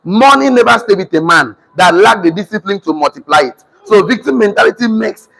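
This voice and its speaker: A man's voice: high-pitched, expressive, a little fast, gravelly, a bit bright, in a large hall, rough recording. A man with a Nigerian accent teaching a seminar class, repeating key lines, dictating punctuation aloud and calling for responses from the room.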